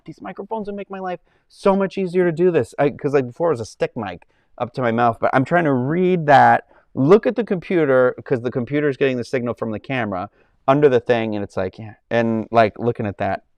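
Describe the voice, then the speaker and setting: Man, livestream host, rambling casual chat, smooth voice, dry close sound. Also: medium pitch, fairly quick, darkish tone, no echo. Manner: rambling, full of likes and ums.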